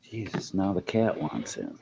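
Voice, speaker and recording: A man's voice: low voice, wildly swooping pitch, unhurried, gravelly, warm tone. Chatty man on a lo-fi stream. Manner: chatty, laughs often, jokes with viewers. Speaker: host. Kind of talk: casual livestream chat. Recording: dull lo-fi stream audio with faint noise.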